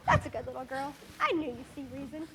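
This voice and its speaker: A teenage girl acting a cruel, gloating female witch in a school stage play, with mocking, drawn-out taunts. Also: high-pitched, sing-song, sharp tone, exaggerated voice. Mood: menacing. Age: teens. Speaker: student actor.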